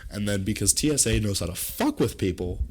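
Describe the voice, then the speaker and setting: A young man from the East Coast, co-hosting a podcast and telling a story in casual chat, who acts out his own panic in a high, strained voice. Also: expressive, brisk, a little hiss or hum. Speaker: podcast co-host.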